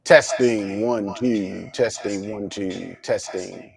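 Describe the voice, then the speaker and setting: A male guest on a livestream, testing his mic in a slow, steady way. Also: on the low side, creaky, crowd noise.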